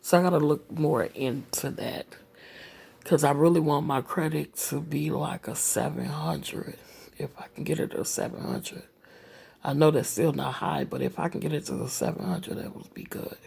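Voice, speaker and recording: A woman's voice: low voice, moderate pace, creaky, a little mellow, slightly rough. A woman in her late forties talking casually to her viewers in a personal vlog, rambling with many fillers and dropping into whispered asides. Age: 40s. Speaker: vlogger.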